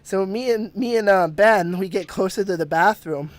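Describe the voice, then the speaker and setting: This male podcast host chats casually through a ghost story, full of swearing, laughs, rambling and restarted sentences. He speaks at a moderate pace in a voice that sits high, with no echo.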